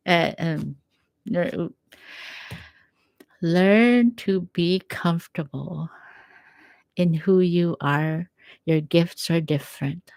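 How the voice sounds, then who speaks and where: Slow, gentle-voiced woman at home. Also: on the low side, vocal fry, dry recording. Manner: gentle, encouraging, quotes scripture. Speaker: faith speaker. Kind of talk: reflective motivational talk.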